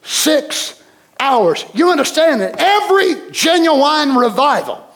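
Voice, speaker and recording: A man preaching a sermon from the pulpit, pressing his points with repetition and breaking into shouts. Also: very high-pitched, big pitch swings, slow pace. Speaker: pastor.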